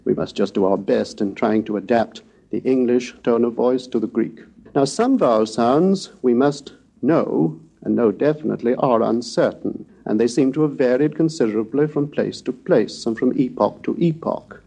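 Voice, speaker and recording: An older man delivers a recorded lecture in a mellow, dark tone, speaking in a measured, scholarly way. He reads lines of verse slowly, almost chanting them. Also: medium pitch, vocal fry, husky. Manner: slow, chanted reading of Greek verse. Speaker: lecturer on ancient Greek pronunciation.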